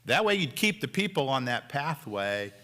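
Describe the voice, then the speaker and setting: Bright-voiced chatty meeting chairman, a man. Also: medium pitch, very animated, moderate pace. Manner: chatty, acts out quoted drivers. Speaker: board chairman. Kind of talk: public meeting discussion. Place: city council chamber.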